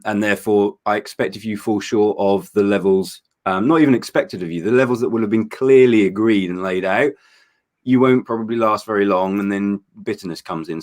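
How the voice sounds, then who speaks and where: A man chatting casually on a late-night charity livestream, rambling and enthusiastic with lots of fillers and restarts, tired after staying up all night. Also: lowish voice. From Norfolk, England. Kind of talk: casual chat.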